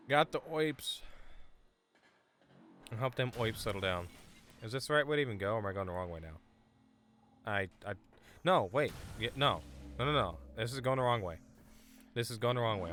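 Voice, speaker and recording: A man live-streaming a video game, chatting with viewers in an excitable way, swearing and breaking into sudden loud outbursts. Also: lowish voice, quick pace, long pauses. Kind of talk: live gameplay commentary.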